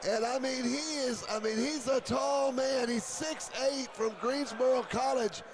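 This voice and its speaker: A man giving live basketball color commentary in a community center gym, loud and emphatic, often saying "I mean.". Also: very high voice, steady tone, measured pace, crowd noise.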